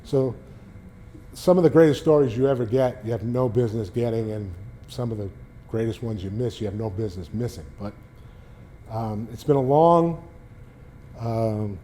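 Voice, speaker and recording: A middle-aged man from New York, a sportswriter, telling animated stories and jumping up in pitch when he quotes people. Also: a little hiss or hum. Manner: animated storyteller, raises pitch for quoted lines. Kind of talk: storytelling talk.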